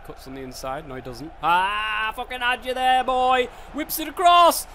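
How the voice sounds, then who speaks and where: A young English man giving live commentary over a football video game. He gets excitable and swears a lot, shouting at the game. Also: high-pitched, normal speed. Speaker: gaming YouTuber. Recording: faint background noise.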